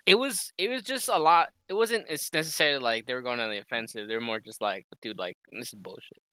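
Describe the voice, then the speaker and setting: A man's voice: on the high side, quick pace, bright, forceful tone, smooth, dry recording. A man in casual chat, laid-back and slangy, mostly giving short replies.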